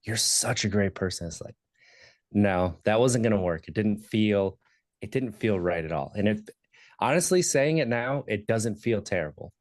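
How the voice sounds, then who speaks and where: A man's voice: on the low side, expressive, moderate pace, a little mellow, dry recording. A man in his thirties, a podcast guest, telling his personal story in a candid, reflective way with many fillers.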